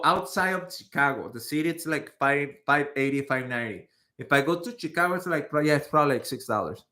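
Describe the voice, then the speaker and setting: A man in his thirties, an IT career coach, chatting casually on a livestream and answering viewer questions with animated, slangy talk. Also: sits high.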